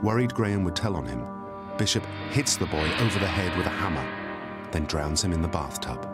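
A man narrating a documentary from a script in a measured, grave way. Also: deep voice, expressive, over loud music. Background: loud documentary score.

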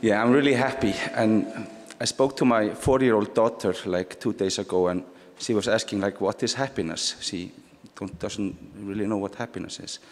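A man from Iceland giving a halting, soft-spoken acceptance speech. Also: fairly low pitch, slight background noise. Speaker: prize winner. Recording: long reverb of a large theatre.

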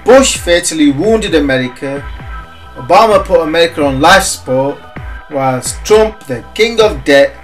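A man delivering scripted market commentary, his voice sitting a little high for a man. He leans on his words with emphatic, sardonic weight, and faint music plays underneath. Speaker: market analyst.

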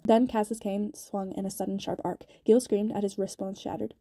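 A woman reading a novel aloud in an even, steady narrating voice. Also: medium pitch, fairly quick, few pauses, dry recording. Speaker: audiobook reader. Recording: sped-up dry home recording.

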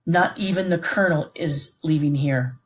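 A woman's voice: deep voice, normal speed, close to an everyday voice. A woman reading aloud who voices a protective middle-aged father, talking earnestly and reassuringly to his son. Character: protective British plantation father, middle-aged man, steady. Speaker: read-aloud narrator voicing a character.

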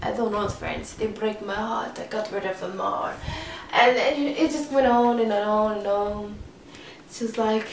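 A young woman vlogger telling a story in an animated, dramatic way, acting out her mother's lines and laughing often. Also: medium pitch, unhurried, a little hiss or hum. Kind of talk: casual storytelling vlog. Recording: echoey room, mic at a distance, faint music.

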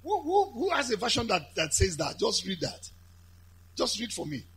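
Nigerian guy preaching, high lively voice, bright and raspy. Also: normal speed. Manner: animated, shouting and chanting at peaks. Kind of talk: sermon.

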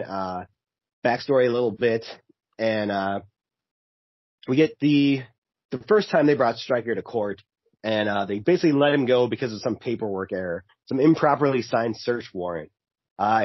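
Husky-voiced male co-host, easygoing recap, dry and muffled audio. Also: mid-range voice, dry recording. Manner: easygoing, agreeable, laughs along. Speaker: podcast co-host. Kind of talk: casual chat recapping a comic.

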